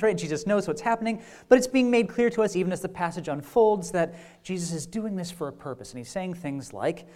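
A man preaching a teaching session with an easy, conversational manner. He sprinkles in "right?" checks and dry little jokes, and the fillers and restarts keep it relaxed. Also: fairly high pitch. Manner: wry humor. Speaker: pastor. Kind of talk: conference teaching talk.

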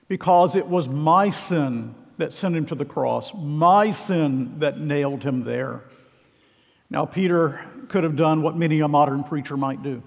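A man's voice: a little high, big-room sound. A man preaching a sermon, earnest and emphatic, pressing pointed questions on his hearers.

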